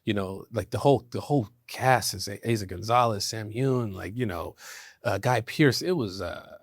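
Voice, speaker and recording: A man, an actor, chatting in an interview and telling animated stories, laughing often. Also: on the low side, moderate pace, no echo, studio quality. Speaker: actor guest. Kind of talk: casual interview chat.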